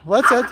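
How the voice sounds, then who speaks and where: A man with a very high voice and a South African accent, Afrikaans being his first language, chats animatedly with livestream viewers next to an animal enclosure. Heavy background noise fills the clip as the host keeps up his casual livestream talk.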